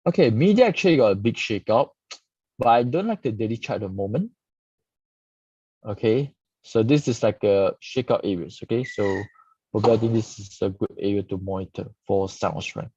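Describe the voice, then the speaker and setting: A man's voice: lowish voice, warm tone, slightly rough, no echo. Man explaining stock charts, lo-fi. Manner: frequent "okay" tags, casual explaining. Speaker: stock market analyst host. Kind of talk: live stock chart review. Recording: dull lo-fi dry sound.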